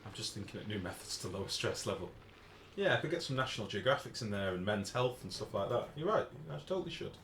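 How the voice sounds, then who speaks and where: A man's voice: lowish voice, expressive, fast talker, fairly bright tone, a little hiss or hum. A British man streaming a game, chatting casually and joking at his own expense in an echoey room. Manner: self-mocking, chatty, joking with chat. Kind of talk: casual gameplay commentary.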